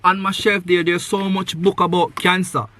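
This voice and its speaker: Bright, earnest man hosting a podcast. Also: sits high, flat delivery, normal speed. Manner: earnest, advice-giving, repeats key points; loose sentences with many "you know" fillers. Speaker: podcast host. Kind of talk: live podcast conversation with a guest.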